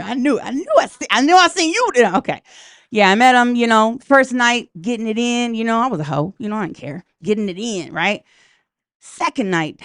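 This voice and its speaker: A woman's voice: mid-range voice, clear, resonant tone, no echo, clean studio sound. A woman doing a brash, profane stand-up comedy set in a comedy club, talking straight to the crowd.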